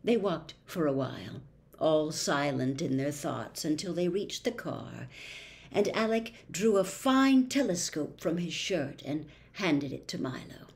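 A woman reading a children's novel aloud as narrator, expressive and unhurried. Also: deep voice, vocal fry. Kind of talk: storybook read-aloud.

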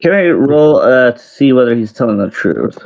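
A man's voice: medium pitch, expressive, normal speed, a little mellow. A man playing a tabletop role-playing game, talking casually and a little hesitantly. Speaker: player. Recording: muffled lo-fi recording.

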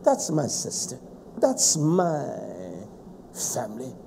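A man preaching a fiery sermon, forceful and scolding, with heavy emphasis. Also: on the high side, wildly swooping pitch, slow pace, slight background noise.

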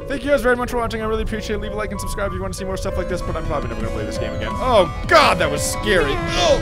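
A man's voice: high voice, animated, racing, few pauses, loud music behind the voice. A man hosting a horror game let's play, yelping and screaming at scares while chatting to viewers at a desk microphone. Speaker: let's play gaming host. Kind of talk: horror gameplay commentary.

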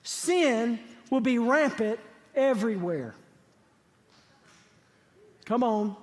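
High-voiced pastor in echoing hall. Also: male voice, normal speed. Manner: conversational preaching that swells into fervent emphasis. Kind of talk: sermon. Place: church sanctuary. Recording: long hall reverb.

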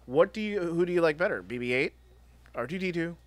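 Fast-talking joking man. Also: on the high side, lively intonation, no room sound. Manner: rambling, joking, full of restarts. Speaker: co-host of a live drawing stream. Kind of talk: casual banter on a live stream.

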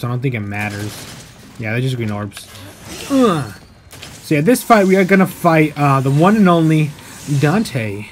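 A man's voice: on the high side, slight background noise. A young man casually commentating his gameplay, swearing freely and flaring into angry outbursts at the game, then settling back into chatty explaining. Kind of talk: casual let's-play commentary. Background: game music.

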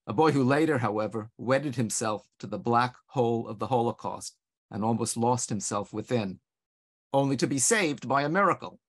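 A man's voice: medium pitch, animated, husky. Older man narrating with theatrical flair. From Long Island, United States. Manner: theatrical, deliberate storytelling with swelling emphasis. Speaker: narrator and presenter. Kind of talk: scripted dramatic narration.

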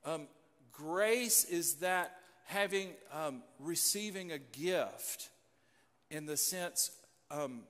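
Speaking from a church sanctuary, a man preaches as pastor with a somewhat high, slightly bright voice. The delivery is folksy and chatty, full of restarted sentences, and the hall adds a long reverb.

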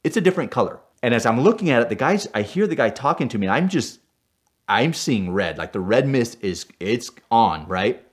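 A man from Puerto Rico telling a personal car story in an animated way. He gets worked up as he goes and often checks in with "right?". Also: mid-range voice, a little fast, husky. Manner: excitable, tags lines with "right?", gets worked up as he tells it. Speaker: stunt driver telling car stories.

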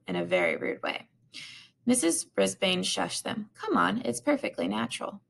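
A woman's voice: medium pitch, sing-song, normal speed, vocal fry, fairly bright tone. A woman reading a children's chapter book aloud, stumbling and restarting now and then. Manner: unpolished reading with restarts and repeated words.

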